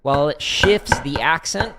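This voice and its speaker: A man casually talking through a drum practice stream, explaining relaxed with a dry, deadpan humor. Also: fairly high pitch, unhurried, over loud music.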